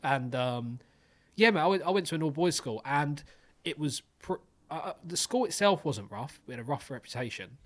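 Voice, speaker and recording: A man's voice: on the high side, moderate pace. A young man hosting a podcast, telling stories animatedly and swearing freely. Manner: animated storytelling, swears freely, acts out voices. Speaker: podcast host. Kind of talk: casual chat.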